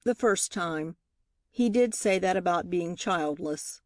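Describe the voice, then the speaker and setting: A woman's voice: on the low side, slow, dry recording, studio quality. A woman reading the part of a sentimental, defensive woman witness in a courtroom, speaking sweetly. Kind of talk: audiobook character reading.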